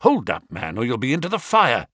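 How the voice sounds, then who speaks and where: A man reading the part of a stern, cool-headed male detective in a quiet, commanding manner. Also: medium pitch, wildly swooping pitch, a little fast, breathy edge, dry recording, clean studio sound, heavily acted. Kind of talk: audiobook character reading.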